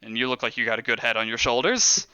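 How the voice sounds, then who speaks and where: A man's voice: medium pitch, lively intonation, quick pace, sharp tone, clean tone, no room sound, lo-fi sound, pitched below the performer's own voice. A man voicing a brash, pushy male boss with hired goons, talking in a glib, chummy salesman way.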